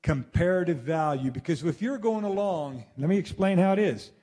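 A man delivering a rambling spoken monologue to listeners, animated and swearing freely, acting out exclamations as he goes. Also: a little high, moderate pace. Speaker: speaker addressing his listeners.

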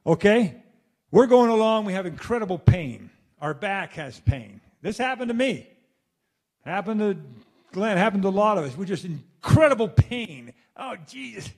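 A man delivering a rambling spoken monologue to listeners, animated and swearing freely, acting out exclamations as he goes. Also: high-pitched. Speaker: speaker addressing his listeners.

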